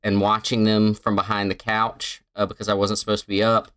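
Middle-aged southern guy, lowish voice, rambly chatty storyteller on a podcast. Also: completely flat delivery, fairly quick, fairly bright tone. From North Carolina. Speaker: podcast guest. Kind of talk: casual conversation.

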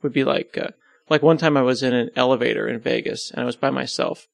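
A man talks through a relaxed podcast interview, teasing and self-deprecating as he rambles. His voice has a gravelly fry, and the recording is dry and close with no room sound. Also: medium pitch, fast, no room sound. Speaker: podcast host and web developer, as guest.

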